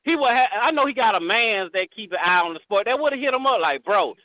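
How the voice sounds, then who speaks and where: A man calling in to a boxing show, talking in profane, slangy, animated casual chat. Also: very high-pitched, fast talker, no room sound, rough recording. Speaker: caller.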